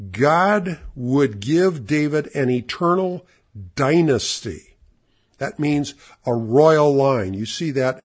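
A man teaching a Bible lesson in sermon style, emphatic, slowing down to stress scripture phrases. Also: medium pitch, slightly rough. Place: church or classroom with slides.

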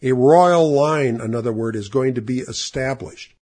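A man teaching a Bible lesson in sermon style, emphatic, slowing down to stress scripture phrases. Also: mid-range voice, darkish tone. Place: church or classroom with slides.

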